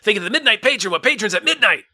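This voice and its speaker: A man co-hosting a podcast in casual chat, joking and dropping into low mock-solemn asides. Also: lively intonation, racing, bright, forceful tone, no room sound, studio quality. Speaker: podcast co-host.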